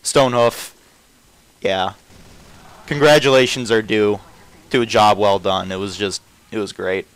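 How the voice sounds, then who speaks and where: A man's voice: fairly low pitch, steady tone, a little slow, pauses often, smooth, rough recording. A young man giving casual, rambling commentary over a video game, often stopping and restarting his thoughts. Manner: rambling, self-interrupting, trails off often. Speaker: gameplay commentator.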